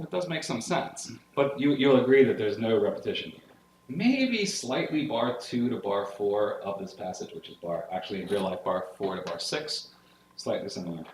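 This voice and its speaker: A man's voice: lowish voice, a little hiss or hum. A man teaching music theory in a classroom lecture, explaining passages step by step with solfege syllables and enthusiastic checks with his listeners. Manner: energetic and enthusiastic about the music. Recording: roomy echo with clear piano. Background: piano playing.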